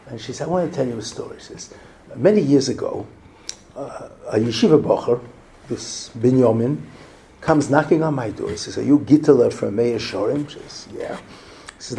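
A man with a gravelly, mellow voice tells folksy stories to a group, dropping Yiddish and Hebrew words as he goes. His delivery is homely and conversational. A faint hiss and a few clicks sit under the recording. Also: medium pitch. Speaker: rabbi speaking to a visiting group. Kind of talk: storytelling talk to a group.

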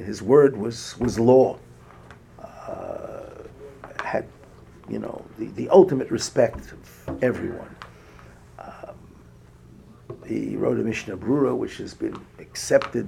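An older man giving a Torah lecture as a rabbi, halting with many restarts and fillers, rising in emphasis as he lists sources. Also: on the low side, creaky, mellow. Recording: faint background noise.

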